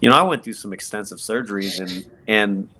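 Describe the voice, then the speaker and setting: A man, a podcast guest, telling his personal story in an earnest, halting way with many fillers and restarts. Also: fairly low pitch, bright, forceful tone, a little hiss or hum. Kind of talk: personal testimony in conversation.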